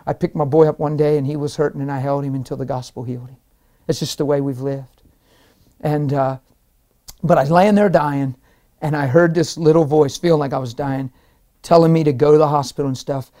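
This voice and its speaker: A man, a preacher, telling his testimony in an interview with emphatic, excitable storytelling. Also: on the high side, brisk.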